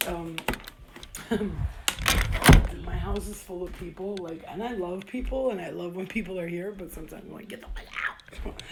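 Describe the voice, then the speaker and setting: Low-pitched gravelly woman, joking and giggly. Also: a little mellow. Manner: joking, giggly, swearing freely. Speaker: astrology vlogger. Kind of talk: casual livestream teaching. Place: room at home. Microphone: phone. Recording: echoey home room with faint noise.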